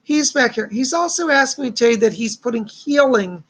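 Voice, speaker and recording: A man's voice: extremely high pitch, lively intonation, moderate pace, a bit bright. A man hosting a live stream of psychic readings, talking in a chatty, reassuring way with a somewhat strained voice. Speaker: psychic host.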